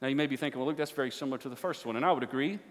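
A man preaching a sermon to a church congregation, emphatic and climbing to near-shouting on key points. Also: medium pitch, very fast. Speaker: pastor. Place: church sanctuary with an audience. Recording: long hall reverb.

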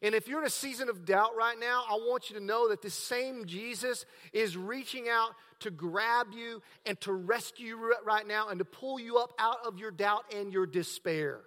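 A man preaching a sermon as pastor, swinging between hushed, drawn-out words and emphatic, raised passages. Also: high-pitched, long reverb tail.

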